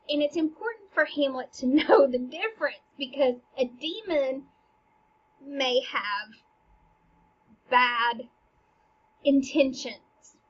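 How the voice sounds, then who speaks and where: A woman's voice: high voice, muffled recording. A woman teacher explaining a classic play in a casual, chatty way, slipping into slang as she paraphrases. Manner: chatty, slangy paraphrasing with dramatic read-aloud. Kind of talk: casual literature lesson.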